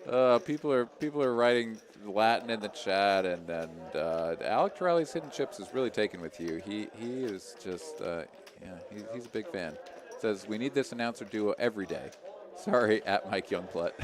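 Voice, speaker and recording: A man's voice: on the low side, lively intonation, normal speed. A man doing chatty live poker play-by-play, laughing often and trailing off into fillers, with card room crowd noise behind. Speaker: poker commentator. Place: commentary booth at a card room.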